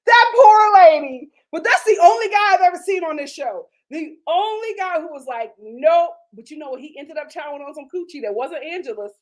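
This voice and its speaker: Female host, high and lively voice, gossipy live TV review, frequent laughter. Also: fairly quick, hardly any pauses, poor audio. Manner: gossipy, animated, laughs often. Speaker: TV show reviewer, channel host. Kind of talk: live reality-show review.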